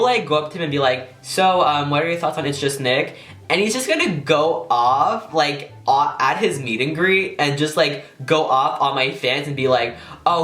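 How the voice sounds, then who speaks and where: A young YouTuber tells a casual storytime vlog, rambling, swearing, and using "like" in almost every phrase. His voice is a little high, bright, and forceful, recorded in an echoey room.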